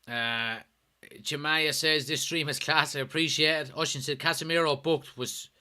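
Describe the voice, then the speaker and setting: An Irish man from Kilkenny hosting a live football watchalong, commenting on the match, yelling and swearing at the referee, and reading out chat messages. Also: on the high side, normal speed. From Ireland, Kilkenny. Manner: excitable, yells at the referee, swears. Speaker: watchalong host.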